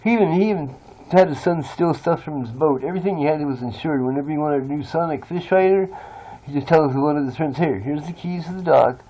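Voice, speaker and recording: Husky-voiced man, rambling and blunt. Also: fairly high pitch, fast, hardly any pauses, dark tone, poor audio. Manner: blunt, swears freely. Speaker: vlogger. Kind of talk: rambling confessional monologue.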